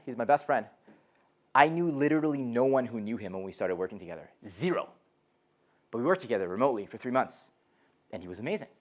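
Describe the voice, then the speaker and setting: A young man giving a live talk to a college class as a startup founder, telling stories in a lively way, full of "like" and "um," and acting out quoted voices. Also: mid-range voice. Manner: lively storyteller, frequent "like" and "um", animated quoted voices.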